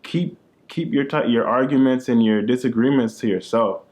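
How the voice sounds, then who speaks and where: A man's voice: medium pitch, moderate pace, darkish tone. A young man co-hosting a casual chat with his wife, laid-back and joking, often tagging his lines with "man". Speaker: co-host, husband.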